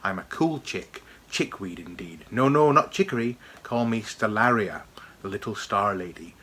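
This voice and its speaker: A man's voice: on the low side, expressive, moderate pace, a bit bright, slightly rough. A man reading aloud as a girlish chickweed fairy from a storybook, sing-song and coquettish. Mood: teasing.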